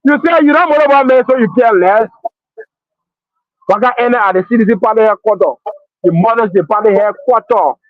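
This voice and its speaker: A man with a Liberian English accent pours out frustration, repeating his phrases over and over. His voice sits very high. The clip sounds dry and muffled, like a lo-fi recording. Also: fairly quick, dry recording. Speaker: speaker in a played clip. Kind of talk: impassioned complaint. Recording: dull, lo-fi clip played on a stream.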